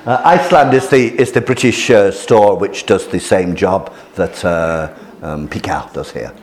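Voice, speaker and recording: A man's voice: low-pitched, a little slow, a little mellow. A man giving an informal lecture to a class, hesitant with many restarts and fillers, chuckling at his own jokes. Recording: roomy hall echo.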